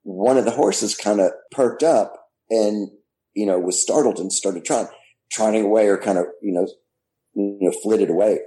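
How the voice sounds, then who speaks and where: A man's voice: lowish voice, normal speed, mellow, poor audio. A man guest telling casual anecdotes in a rambling way, full of "you know" fillers. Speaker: guest, former TV host.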